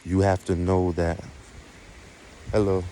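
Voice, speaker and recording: Man, low voice, quiet preachy outdoor night vlog, casual swearing. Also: flat delivery, slow pace, a little hiss or hum. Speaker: spiritual vlogger.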